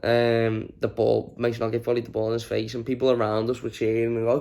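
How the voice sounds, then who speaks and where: A worn-out man rants about his team's loss straight to camera. He sounds exasperated and drained, swears freely, and pitches at an ordinary middle register for a man. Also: level tone, brisk, creaky. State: exhausted from little sleep. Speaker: fan channel host. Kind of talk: post-match reaction rant to camera.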